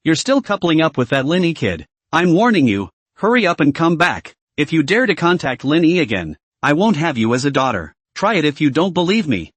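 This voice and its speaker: A man's voice: a little high, very animated, fairly quick, no echo. A man voicing a stern, angry middle-aged father scolding his daughter in a story recap. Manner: scolding, threatening.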